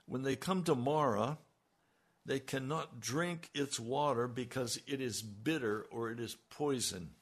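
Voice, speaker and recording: Slow, emphatic male preacher. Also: medium pitch. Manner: slow and emphatic, rising on key lines. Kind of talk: radio sermon.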